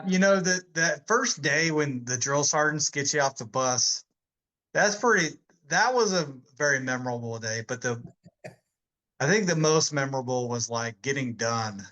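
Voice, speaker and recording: A man's voice: medium pitch, lively intonation, unhurried, long pauses, sharp tone, rough recording. A man in his forties, an army veteran telling rambling stories in a casual interview, laughing often between many fillers. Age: 40s.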